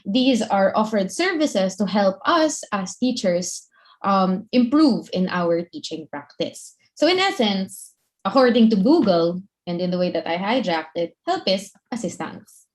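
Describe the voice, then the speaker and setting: A woman's voice: mid-range voice, big pitch swings, measured pace. A woman with a Filipino accent hosting a podcast over a video call, chatting casually and switching between English and Tagalog. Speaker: podcast host. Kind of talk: casual webinar chat.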